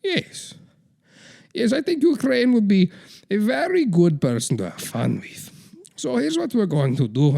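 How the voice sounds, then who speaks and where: A man's voice: high voice, creaky, warm tone, voice pushed up, exaggerated voice. A man putting on a scheming old strongman leader. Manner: coaxing, mock-sweet, gleeful about cruelty. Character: aging male strongman leader, scheming, bored, bullying.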